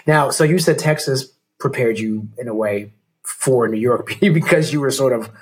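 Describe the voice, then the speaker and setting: A man's voice: medium pitch, moderate pace, breathy edge. A man hosting an interview show, chatting casually, acting out quotes and laughing easily. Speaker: show host.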